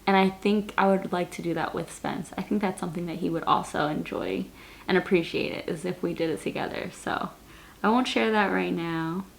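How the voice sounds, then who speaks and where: Speaking fairly quickly in a lowish voice with vocal fry, a woman vlogger in her late twenties chats casually through a Q&A. She answers viewers straight to camera, rambling, repeating herself and leaning heavily on "like."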